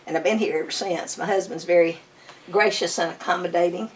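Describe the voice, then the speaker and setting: A woman's voice: on the low side, steady tone, brisk, far from the mic, a little hiss or hum. An older woman, a bluegrass musician telling stories in an enthusiastic, chatty way during a home interview. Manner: enthusiastic, chatty, fond storytelling. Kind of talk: casual storytelling interview. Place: her home.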